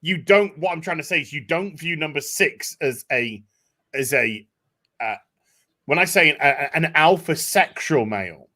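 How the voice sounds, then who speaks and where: A man hosting a casual discussion, animated, acting out quotes. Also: fairly high pitch, moderate pace. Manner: animated, acts out quotes in voices. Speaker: podcast host.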